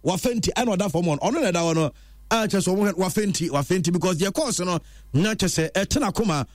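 A man presenting a chatty football news roundup in an animated storytelling way. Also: high voice, dry recording, studio quality.

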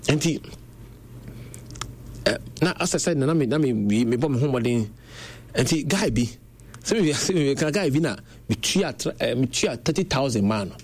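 A man's voice: mid-range voice, moderate pace, slightly rough. A young Ghanaian man with a Ghanaian accent, telling stories in a casual conversation and mixing Twi with English. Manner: animated, switching between Twi and English. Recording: faint background noise.

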